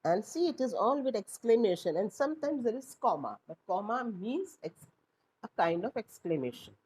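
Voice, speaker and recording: A woman, teaching a class and explaining slowly with rhetorical questions. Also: on the high side, very animated, a little mellow, husky, rough recording. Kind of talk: classroom lesson.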